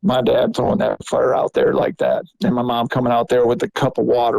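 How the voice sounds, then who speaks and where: A man hosting a podcast tells a story in a loose, rambling way. His pitch sits in the middle range, and the sound is dry and close with no room echo. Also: monotone, brisk, vocal fry, hardly any pauses, a little mellow. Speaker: podcast host. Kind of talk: casual storytelling.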